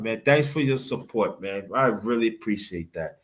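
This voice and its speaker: A man from Brooklyn speaks. He hosts his own livestream and tells a family story in a rambling, halting way. He keeps breaking off to greet viewers by name. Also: fairly low pitch, lively intonation, fairly bright tone. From Brooklyn, New York. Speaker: livestream host.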